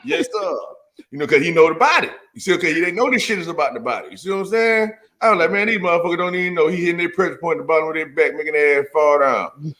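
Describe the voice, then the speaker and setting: Man, high bright voice, swearing storyteller in loose casual talk. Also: fast. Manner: profane, animated storytelling with lots of slang. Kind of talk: casual chat.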